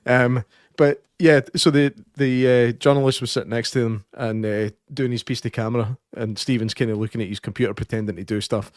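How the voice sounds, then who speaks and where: A Scottish man spinning loose anecdotes on a podcast, often restarting his sentences. His mid-pitched voice is recorded dry and close. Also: fairly even intonation, a little fast, few pauses, no room sound. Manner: rambling storyteller, self-correcting. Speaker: podcast co-host. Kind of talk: casual podcast chat.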